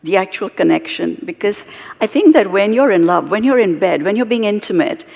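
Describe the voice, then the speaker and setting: A British woman storyteller on stage, animated and expressive, her voice carrying some gravelly fry. She is heard through a long hall reverb. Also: mid-range voice, a little fast. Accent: British English. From Britain, of Indian heritage. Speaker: storyteller and guest speaker. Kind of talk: live onstage storytelling conversation.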